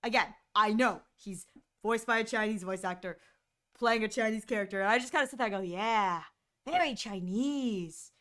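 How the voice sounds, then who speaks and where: A woman's voice: mid-range voice, steady tone, fast talker, fairly bright tone. A woman streamer chatting casually with her viewers, giggling often and acting out quoted voices.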